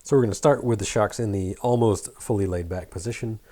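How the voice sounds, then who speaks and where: A middle-aged man with a faint, mostly flattened Southern American accent, chatting casually and muttering to himself while working at a bench. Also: lowish voice, brisk. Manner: rambling, self-deprecating, mutters while working. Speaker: hobby shop owner building an RC truck.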